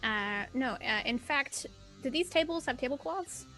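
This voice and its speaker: High-voiced woman at a tabletop game, bouncy pitch, unsure, giggly, faint music. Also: lively intonation, normal speed, sharp tone. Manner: hesitant, asks rule questions, giggles. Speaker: player. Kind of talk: tabletop role-play chat.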